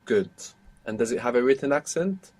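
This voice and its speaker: Male language tutor for a recorded course, mid-pitched, patient, step-by-step explainer. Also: expressive, moderate pace, a little mellow. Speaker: language teacher. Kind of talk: audio course instruction.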